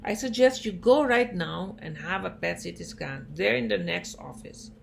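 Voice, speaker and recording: A woman's voice: lowish voice, lively intonation, moderate pace, vocal fry. Woman quoting a cranky older doctor. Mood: irritated. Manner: irritated, lecturing. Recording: noisy recording.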